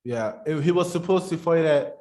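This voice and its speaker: A man co-hosting a podcast in casual, rambling chat, animated and talking while eating. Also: on the high side, moderate pace. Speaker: podcast co-host.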